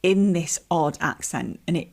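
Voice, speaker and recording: A woman's voice: sits low, animated, unhurried, gravelly. Chatty woman, self-deprecating. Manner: chatty, self-deprecating, laughs while telling stories. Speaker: comedian and writer, guest. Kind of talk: relaxed interview chat.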